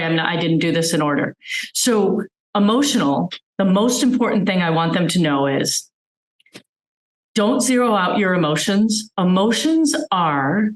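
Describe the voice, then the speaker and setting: A woman's voice: medium pitch, roomy sound, rough recording. A woman physician giving a webinar talk, earnestly explaining with everyday examples over a video call. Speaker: physician guest speaker.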